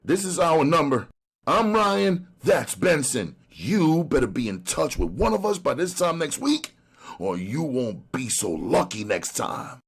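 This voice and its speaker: A man's voice: fairly high pitch, sing-song, measured pace, vocal fry, slightly rough, voice pushed up, exaggerated voice. A man doing a stern threatening detective. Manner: stern, menacing. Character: hard, threatening male police detective.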